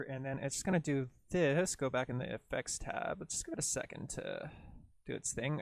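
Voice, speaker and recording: On a livestream, a man talks his way through his video editing, rambling and cracking jokes as he describes each step. His voice is fairly high-pitched and gravelly, and there's no room sound.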